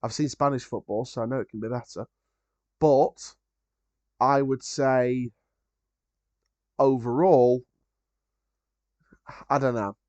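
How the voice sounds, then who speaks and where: A man talking loosely through a live football watchalong, giving opinions as the game goes on. His voice sits in a middle pitch, and the recording is dry and slightly dull, like a modest home mic with no room sound. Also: a little mellow, no room sound. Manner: casual, chatty, opinionated, frequent ums and restarts. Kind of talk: live match watchalong commentary.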